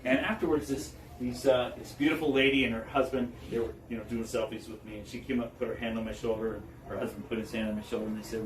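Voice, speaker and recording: A man giving a public talk, telling stories in an animated way and chuckling as he goes. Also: medium pitch, fast, hardly any pauses. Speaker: guest speaker. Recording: echoey room, distant mic, faint background noise.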